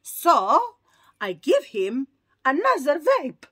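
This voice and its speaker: A woman voicing a kindly middle-aged male shopkeeper who speaks slow, emphatic broken English. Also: very high voice, wildly swooping pitch, bright, forceful tone, no echo, clean studio sound, voice pushed up, heavily acted. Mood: earnest pleading.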